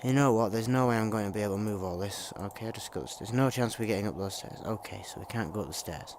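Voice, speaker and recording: A man's voice: fairly low pitch, fast talker, background noise. Wry man muttering through gameplay. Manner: wry, muttering, swears casually. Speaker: let's play host. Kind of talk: casual gameplay commentary. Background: game music.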